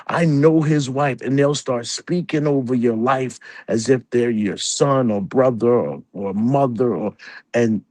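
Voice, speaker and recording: A man's voice: mid-range voice, no room sound. A man on a live stream, scolding another creator in a heated, repetitive rant. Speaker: accountant.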